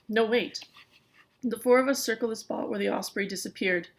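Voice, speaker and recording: A woman reading a children's novel aloud in the first person, lively, with small stumbles. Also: medium pitch, moderate pace, gravelly. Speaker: audiobook reader.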